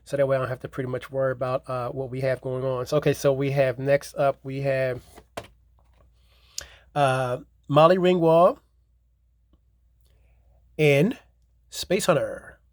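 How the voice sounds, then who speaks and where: A man's voice: mid-range voice, steady tone, measured pace, long pauses, dry recording. A man giving a casual, rambling show-and-tell of his movie collection, repeating himself and leaning on fillers. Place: home theater room.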